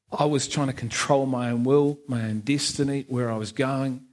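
A man's voice: mid-range voice, moderate pace. A man giving a personal church testimony, frank and self-mocking, often laughing at himself. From England. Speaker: testimony speaker.

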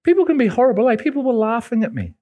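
A man from England, preaching a sermon and telling stories with sudden high jumps in pitch. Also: big pitch swings, very fast, warm tone. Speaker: pastor.

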